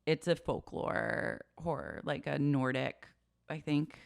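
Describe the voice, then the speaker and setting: Male podcast co-host with a higher, gravelly voice and a dry, close sound. Chatty, retells scenes in quoted voices. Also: takes it slowly, dry recording. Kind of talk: casual chat recapping a reality show.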